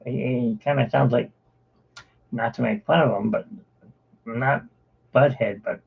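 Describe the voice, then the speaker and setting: A man's voice: medium pitch, steady tone, measured pace, gravelly, long pauses, slightly rough. A man chatting casually on a live art stream, rambling from one topic to the next. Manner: rambling, drifting between topics. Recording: tinny phone-like live-stream audio.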